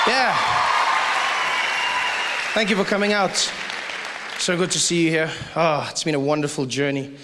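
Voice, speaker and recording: A man doing a stand-up comedy set, animated and joking, slipping into quick put-on voices. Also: on the high side, over a noisy crowd. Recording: live hall recording with audience noise.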